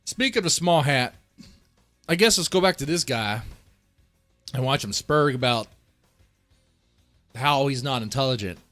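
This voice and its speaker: A man's voice: medium pitch, expressive, a little slow, long pauses, fairly bright tone, no room sound, faint music behind. A man in his thirties live-streaming, chatting loosely and joking in an exaggerated put-on Southern drawl. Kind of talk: casual live-stream chat.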